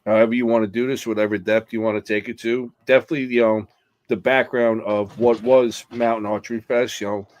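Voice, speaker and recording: A man with a somewhat low voice hosts a podcast interview. He chats casually, affirms his guest and reflects on their story before moving to the next question. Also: level tone, fairly quick. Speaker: podcast host.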